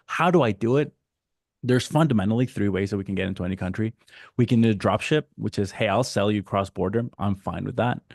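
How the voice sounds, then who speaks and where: Mexican guy on a video call webinar, kinda low voice, casual and lively, dry sound. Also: vocal fry, dry recording. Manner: casual and animated, mimics customers in quick asides. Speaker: guest speaker. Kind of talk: webinar presentation.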